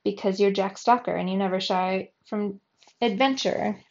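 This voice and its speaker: A woman's voice: mid-range voice, fairly even intonation, normal speed, lightly acted. A woman reading aloud, voicing an inquisitive, bookish girl of about twelve, on a slightly muffled recording. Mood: curious.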